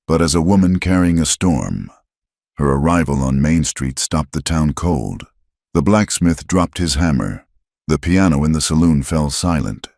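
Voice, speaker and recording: A man narrating a western romance story in a measured, dramatic storytelling style. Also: rumbling low, a little mellow, dry recording, studio quality. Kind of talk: scripted narration.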